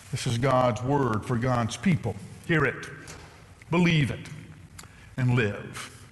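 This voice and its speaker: A man's voice: mid-range voice, takes it slowly. Man preaching in a reverberant hall. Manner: preaching with rising emphasis, reads scripture aloud. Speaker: pastor. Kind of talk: sermon. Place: church sanctuary. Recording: long reverb in a large hall.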